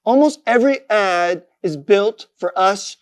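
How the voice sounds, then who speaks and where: A man's voice: high-pitched, unhurried. A middle-aged man, a pastor, preaching a sermon in a conversational, self-deprecating way, chuckling often.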